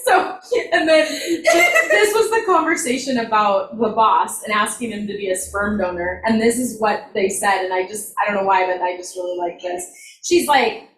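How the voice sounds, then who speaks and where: A woman's voice: medium pitch, normal speed, roomy sound, a little hiss or hum, rough recording. A woman co-hosting a casual book review chat, retelling scenes with acted-out quotes and frequent laughter. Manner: animated storytelling, acts out quotes, laughs often.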